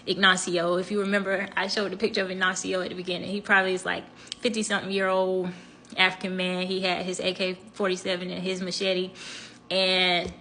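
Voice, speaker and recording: A young woman vlogger telling a story in a chatty, expressive way, speaking straight to her viewers. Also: fairly low pitch, brisk, slight background noise. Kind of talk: casual storytime.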